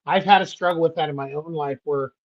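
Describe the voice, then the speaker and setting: A man's voice: fairly high pitch, fast. A man hosting a podcast in an upbeat, joking way, laughing often as he talks. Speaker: podcast host. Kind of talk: casual chat. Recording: dull lo-fi sound.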